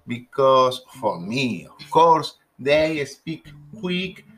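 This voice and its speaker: A man whose first language is Spanish, speaking English in a halting, careful way during a casual conversation. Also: mid-range voice, very animated, a bit bright, soft background music, low-quality recording. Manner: slow, halting, careful non-native phrasing.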